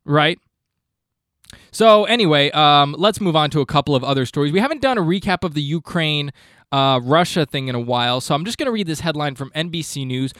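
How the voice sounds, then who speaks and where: Deadpan, mock-earnest male comedy podcast host. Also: a little high, a little fast, dry recording, clean studio sound. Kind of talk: comedic monologue.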